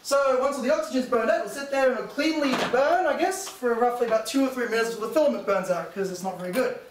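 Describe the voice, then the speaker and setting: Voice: high voice, fast talker. A presenter giving a casual hands-on demonstration to a group, thinking aloud in an offhand, chatty way. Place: echoey room with a group. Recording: echoey room, distant mic, background noise.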